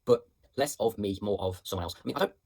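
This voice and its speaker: A man's voice: fairly low pitch, quick pace, gravelly, darkish tone, breathy edge. A young man, a drama student, rambling through a reflective voice note on his acting practice, with many fillers and restarts. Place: indoors at home.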